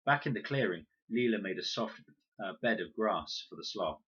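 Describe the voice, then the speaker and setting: Man reading a children's novel aloud; deep voice, bright edge, lively and expressive. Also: normal speed, slightly rough. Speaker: storybook reader. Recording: dull lo-fi recording.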